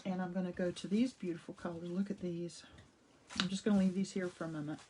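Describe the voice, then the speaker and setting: A woman teaching a live painting and collage demo, chatty and enthusiastic, greeting viewers as she works, a little hoarse from a cough drop. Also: fairly low pitch, little pitch movement, fast talker, background noise. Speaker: art instructor. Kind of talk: casual live craft demo. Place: home art studio.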